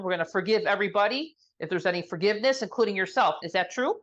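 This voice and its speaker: A woman leads an energy healing session over a video call, her voice soothing and drawn out as she works. She speaks at an ordinary middle pitch, and the sound is a little dull and lo-fi. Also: expressive, fast talker, fairly bright tone. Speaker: sound healer.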